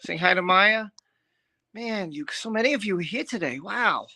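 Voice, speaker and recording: A woman's voice: medium pitch, animated, normal speed, bright, forceful tone. A middle-aged woman hosting a live stream in casual chat, greeting viewers by name in a chatty, scattered way.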